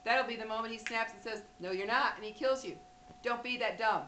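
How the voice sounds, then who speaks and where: A woman's voice: a little high, fairly even intonation, brisk, fairly bright tone, slight background noise. Blunt woman with an echoey room sound. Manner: blunt, emphatic, addresses women viewers directly. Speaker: vlogger. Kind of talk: direct-to-camera advice talk.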